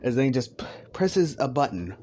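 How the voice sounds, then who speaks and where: A man's voice: mid-range voice, sing-song, fairly quick, a little mellow, slight background noise. A young man casually narrating a fan-fiction story in a crude, joking, rambling way.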